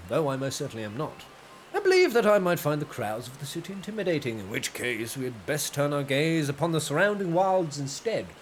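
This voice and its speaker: A man's voice: on the high side, sing-song, a little fast, a little hiss or hum. A man voicing a pompous, aristocratic circus impresario in a game, in a plummy, formal manner. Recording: game music behind the voice.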